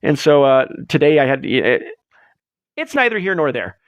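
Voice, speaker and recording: A man hosting a live show in casual chat, rambling and excitable as he tells stories, swearing freely, on a close mic. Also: mid-range voice, normal speed, dry recording. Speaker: livestream host.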